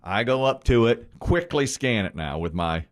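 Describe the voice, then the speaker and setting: A man hosting a morning radio show, telling a story in an animated way and acting out the quoted lines. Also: medium pitch, moderate pace. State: sweaty from the gym.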